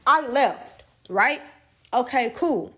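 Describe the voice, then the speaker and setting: Slangy woman with a fairly high voice. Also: animated, slow, sharp tone. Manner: loose, slangy, profane telling. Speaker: storyteller. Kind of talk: casual storytime monologue.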